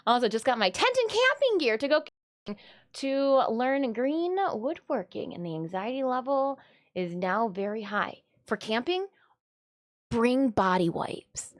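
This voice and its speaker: A woman's voice: fairly high pitch, big pitch swings, measured pace. A woman from Michigan chatting casually on a live stream, reading viewer comments in a rambling, giggly way. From Michigan, USA.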